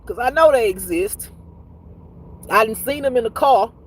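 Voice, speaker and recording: A woman with a husky, slightly breathy voice speaks as a spiritual teacher on a casual livestream. She tells her stories in an animated, profane way and talks straight to the people watching. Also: fairly high pitch, moderate pace, low-quality recording. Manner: animated, profane storytelling with frequent laughs; talks straight to viewers, reads comments aloud.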